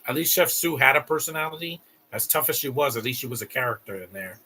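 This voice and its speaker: A man's voice: medium pitch, animated, quick pace, bright, forceful tone. A young man hosting a live stream, chatting casually and rambling with frequent restarts while reacting to a movie. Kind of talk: casual watch-along commentary.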